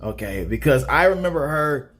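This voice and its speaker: A man's voice: on the high side, animated, normal speed, a bit bright. A man casually talking through a movie review in a chatty way, often checking in with "all right?".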